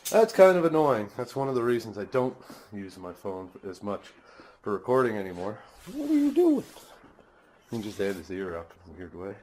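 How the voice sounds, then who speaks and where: There's slight background noise as a man vlogs from his home garage into a hand-held phone camera, rambling casually. His lowish, darkish voice has lively intonation and a fairly quick pace, and he curses easily and chuckles often.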